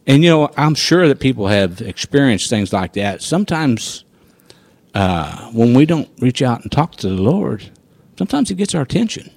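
A man telling a personal faith testimony in a folksy, animated storytelling manner. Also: mid-range voice, normal speed, gravelly, no room sound. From rural farming background. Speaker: guest sharing testimony.

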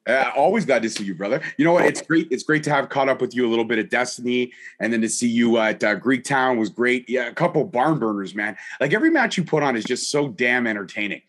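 A man's voice: medium pitch, fast, few pauses. A man in his thirties hosting a casual interview podcast, joking and swearing freely. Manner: animated, jokey, swears freely. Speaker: podcast host.

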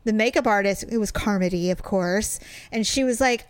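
A woman's voice: mid-range voice, moderate pace, smooth, no echo. A woman co-hosting a casual chat, playful and blunt, joking and swearing freely. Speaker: podcast co-host.

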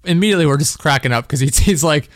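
A man's voice: a little high, lively intonation, fast, no echo, studio quality. A young man hosting a podcast, telling a story in a rambling, laughing way, full of "like". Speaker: podcast host. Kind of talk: casual chat.

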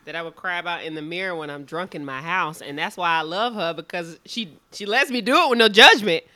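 A woman's voice: lowish voice, fairly quick, sharp tone, no room sound. A woman co-hosting a podcast in casual chat, blunt and reassuring, swearing freely. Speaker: podcast co-host.

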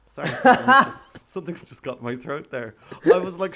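A man's voice: fairly high pitch, very animated, creaky, crowd noise. Chatty, playful podcast host man. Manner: chatty, playful, quick to laugh. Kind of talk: casual recap chat.

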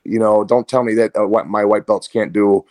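Low-voiced man telling coaching stories. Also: brisk. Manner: storytelling, animated with quoted voices. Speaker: martial arts coach, guest. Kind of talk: casual interview talk.

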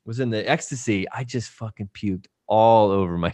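A man on a podcast as a guest, telling a lively, casual anecdote full of swearing and acted-out voices. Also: lowish voice, moderate pace, dry recording, clean studio sound. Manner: lively anecdote telling, acting out quoted people; frequent swearing. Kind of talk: casual storytelling.

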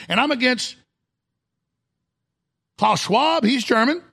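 A man's voice: very high-pitched, animated, takes it slowly, gravelly, bright, forceful tone. A middle-aged man hosting a political talk show, ranting emphatically and calling his listeners folks.

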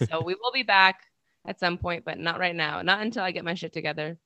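A woman's voice: fairly low pitch, fairly quick, pushed and bright, no echo, highs cut off. A woman guest chatting casually and self-deprecatingly on an interview podcast, often laughing through her words and restarting sentences.

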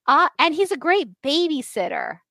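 A woman's voice: sits high, big pitch swings, creaky, pushed and bright, no echo. Playful woman, podcast co-host, dry sound. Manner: playful, acts out characters in quick quoted voices. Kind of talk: casual podcast chat.

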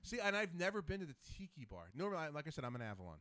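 A man hosting a podcast, telling stories in casual chat with an animated manner. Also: a little high, rapid-fire. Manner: animated storyteller. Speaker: podcast host.

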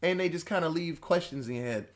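A talkative man with a slightly high voice breezes through a movie recap in loose, rambling fashion. He swears freely and drops into quick quoted lines for each character. He laughs now and then as he talks. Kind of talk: casual movie recap chat.

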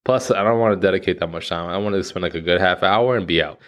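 A man's voice: low voice, fast, a bit bright. Rambling, cussing thirty-year-old podcast guy. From United States. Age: 30s. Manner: rambling, profane, self-mocking. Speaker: podcast host. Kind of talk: casual solo podcast monologue.

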